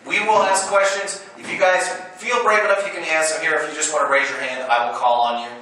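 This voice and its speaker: A middle-aged man, a voice actor and convention panel guest, telling lively anecdotes with frequent laughter and acted-out quotes. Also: on the high side, fast talker. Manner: animated storyteller, laughs often, quotes others. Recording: roomy hall recording from far off with noise.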